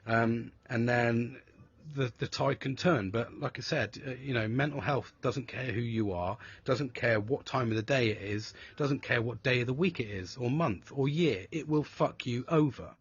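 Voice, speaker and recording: Husky, sweary man talking frankly. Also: mid-range voice, moderate pace, muffled recording. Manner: sweary, frank, rambling with restarts. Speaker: live show host. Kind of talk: candid live chat about mental health.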